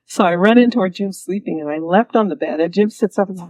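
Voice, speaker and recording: Woman telling a story, animated, laughs a lot, dry close sound. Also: medium pitch, fast talker, dry recording, rough recording. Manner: animated, acts out quoted voices, laughs often. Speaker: interview guest. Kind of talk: storytelling in a conversational interview.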